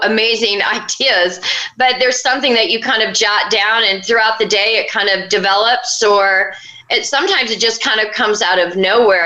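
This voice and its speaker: A woman's voice: medium pitch, sharp tone, echoey room, poor audio. A woman inventor as a guest, chatting casually and rambling with many fillers. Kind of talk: casual interview talk.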